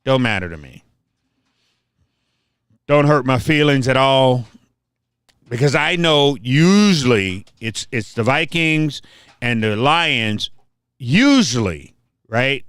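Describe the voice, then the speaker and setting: A man's voice: mid-range voice, expressive, slow pace, long pauses, fairly bright tone, clean tone, dry recording, studio quality. An older man hosting a livestream, ranting casually and trash-talking viewers, often repeating his words. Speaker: livestream host.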